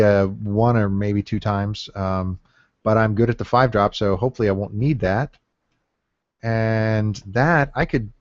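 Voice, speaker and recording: A man talking through his card picks at an unhurried pace, musing aloud and counting cards under his breath. His voice sits mid-range, recorded close on a dry, dull lo-fi mic. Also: lowish voice, dry recording. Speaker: gameplay commentator. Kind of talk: casual deck-building commentary.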